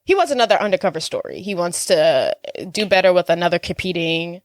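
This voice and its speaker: A woman's voice: fairly low pitch, fairly quick, no room sound. A young woman in her twenties co-hosting a casual podcast, recapping with wry asides. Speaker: podcast co-host. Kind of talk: casual chat.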